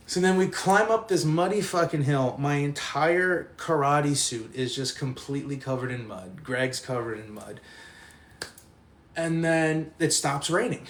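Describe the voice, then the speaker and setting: Animated, profane young man telling a story. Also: on the high side. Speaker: streamer. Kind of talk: casual storytelling to a live chat.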